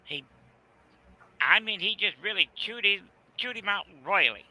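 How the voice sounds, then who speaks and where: A man's voice: high-pitched, animated, a little slow, bright, forceful tone, low-quality recording. A man from Arizona, telling rambling folksy stories in a casual video chat. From Arizona, USA. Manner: rambling storyteller, folksy, repeats "right there".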